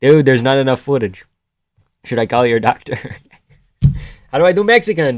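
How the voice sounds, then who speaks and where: A male streamer chatting loosely through fight night, reading chat messages and joking with a quick laugh. His voice sits in an ordinary middle pitch. The close mic sounds dry and unroomy. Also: lively intonation, no echo. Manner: joking, laughs often, swears. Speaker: live streamer.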